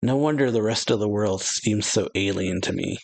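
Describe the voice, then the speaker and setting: A man's voice: on the low side, moderate pace, creaky, no echo. A man reading the lines of a proud wounded young male noble from a manga, in a stiff, formal way. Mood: aloof.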